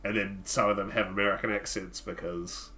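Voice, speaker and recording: Low-voiced man chatting on a stream. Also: level tone, brisk, sharp tone. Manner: rambling, lots of "like" fillers. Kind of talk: casual live-stream chat while playing.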